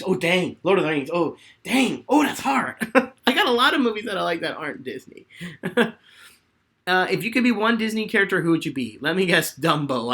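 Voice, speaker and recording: A man's voice: a little high, sharp tone. A young man casually chatting on a live stream at home, answering viewer questions with rambling, laughing talk. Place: home room with bookshelf.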